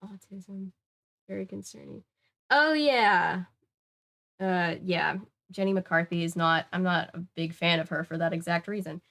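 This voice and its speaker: A woman's voice: on the low side, unhurried, gravelly, fairly bright tone. Chatty woman with a slight Southern accent. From Louisiana, US. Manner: rambling, chatty, many "like" fillers and laughs. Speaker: streamer reading viewer comments. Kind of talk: casual live-stream chat.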